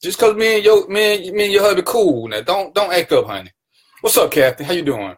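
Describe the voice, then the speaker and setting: A man's voice: sits high, animated, fairly quick, breathy edge. A man hosting his own live stream, greeting viewers by name and teasing them in casual, playful banter. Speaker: livestream talk show host.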